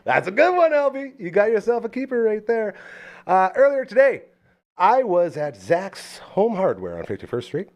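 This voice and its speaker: This podcast host's voice sits high and is very animated, moving at a moderate pace. He chats casually, telling stories and having fun with the sponsor reads.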